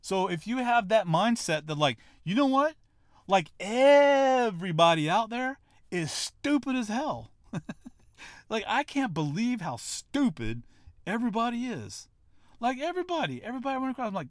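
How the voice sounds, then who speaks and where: A brash man gives a blunt motivational talk, swearing freely and mocking the people he describes. His fairly high voice swings widely in pitch as he hammers each point. The sound is dry and close, with no room echo. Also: big pitch swings, fairly quick. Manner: brash, profane, mocking, emphatic. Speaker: motivational speaker.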